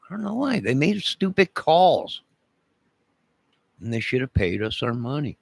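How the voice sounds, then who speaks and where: A man's voice: medium pitch, very animated, unhurried, vocal fry, dry recording. A man from Chicago in a rambling direct-to-camera rant, menacing and repetitive, leaning hard on his words for emphasis.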